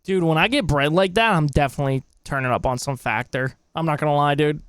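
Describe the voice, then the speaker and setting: A young man chats casually on a live stream, rambling from one thought to the next with plenty of swearing. His voice is a touch high and smooth, and the sound is dry and close. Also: quick pace, a bit bright, dry recording. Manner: rambling, loose and chatty, swears often. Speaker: streamer reacting to videos.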